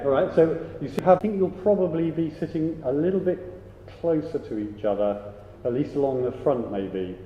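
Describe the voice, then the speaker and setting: A man leads a choir rehearsal, giving brisk notes and counting in with a mid-range voice. The sound is dull and lo-fi, and his voice rings with a long echo around a large hall. A faint hum of room noise sits underneath. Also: medium pitch. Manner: brisk, counts in and sings example phrases. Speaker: choir director.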